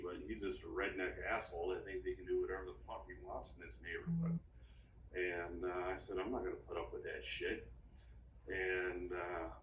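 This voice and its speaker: A man talking in a therapy session, halting and rambling with frequent restarts, recorded from a distance in an echoey room. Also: deep voice, fairly bright tone, slight background noise. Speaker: therapy client. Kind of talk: casual session talk. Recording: echoey room, distant mic, faint ambience.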